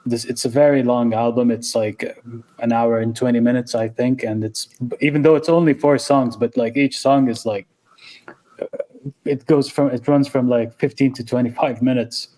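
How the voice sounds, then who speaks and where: A man's voice: medium pitch, steady tone, moderate pace, warm tone. A man co-hosting a casual music podcast, speaking hesitantly with fillers as he describes albums. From Saudi Arabia. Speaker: podcast co-host.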